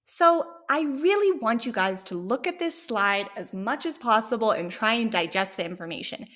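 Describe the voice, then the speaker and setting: A woman's voice: on the high side, lively intonation, normal speed, a bit bright. A woman teaching an online language lesson, encouraging and repeating words for learners to echo back. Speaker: Spanish teacher.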